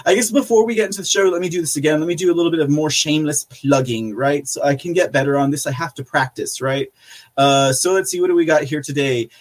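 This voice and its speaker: A man with a fairly high voice hosts a live show and reads out chat messages. He talks casually and rambles, with plenty of fillers and laughter along the way. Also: fast talker. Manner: chatty, rambling, laughs often, many fillers. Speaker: podcast host.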